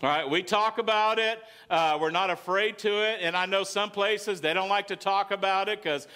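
A man's voice: sits high, moderate pace, few pauses, bright, forceful tone, clean tone. A male pastor with a Southern US accent, preaching a conversational sermon to his congregation with frequent calls of "amen.". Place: church sanctuary.

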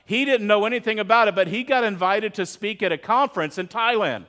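High-voiced pastor telling a story. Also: male voice, a little fast, sharp tone. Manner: storytelling, conversational, with quoted voices. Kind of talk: sermon.

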